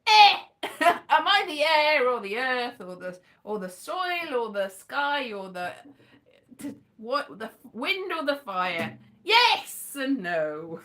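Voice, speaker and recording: A woman's voice: high voice, very animated, slow pace, bright, forceful tone. A woman from Wales rambling playfully in a casual monologue, often drifting into half-sung lines. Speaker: vlogger and performer.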